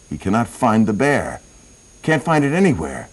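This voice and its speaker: A man spins a long comic story and keeps laughing at his own jokes. His voice is very deep but animated, jumping around widely in pitch as he builds up the gags. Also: normal speed, rough recording. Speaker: joke teller.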